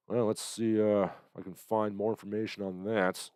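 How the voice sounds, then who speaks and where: A man hosting a livestream, commenting on the news in a sardonic, halting way with lots of fillers, still getting over an illness. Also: on the low side, little pitch movement, a little mellow, clear, resonant tone, dry recording. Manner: sardonic, hesitant with many fillers. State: recovering from illness, coughing. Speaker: livestream host.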